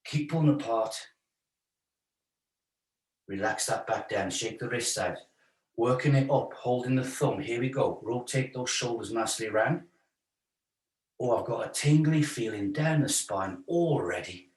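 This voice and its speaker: A man's voice: mid-range voice, measured pace, long pauses, a little mellow. A man leading a stretch class, chatty and joking while he counts the holds. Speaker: fitness instructor. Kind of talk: guided stretch class instruction. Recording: roomy sound from a distance.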